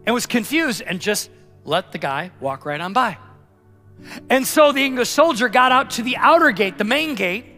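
High, bright-voiced preacher man. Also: very animated, normal speed, soft background music. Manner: storytelling preacher, swells loud and high for emphasis, then drops to a hush in prayer. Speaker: pastor. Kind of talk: sermon.

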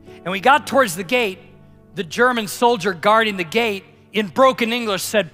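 High, bright-voiced preacher man. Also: normal speed, soft background music. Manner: storytelling preacher, swells loud and high for emphasis, then drops to a hush in prayer. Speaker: pastor. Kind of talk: sermon.

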